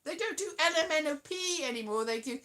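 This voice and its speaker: A woman's voice: high voice, animated, fast, noisy background. A British woman in her forties, hosting a livestream and telling rambling, chatty stories to her viewers. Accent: British English. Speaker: livestream host. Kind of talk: casual chat with live viewers.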